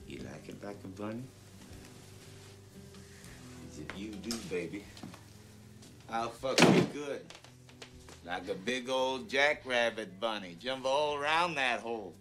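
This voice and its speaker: An actor playing a sleazy, menacing male drifter in a film, with a leering, slow, taunting drawl. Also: lowish voice. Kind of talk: film drama acting.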